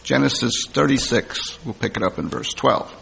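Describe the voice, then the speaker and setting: A man's voice: mid-range voice, normal speed, creaky, fairly bright tone, a little hiss or hum. A man preaching a sermon, reading scripture aloud and then commenting plainly to the congregation. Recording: long hall reverb.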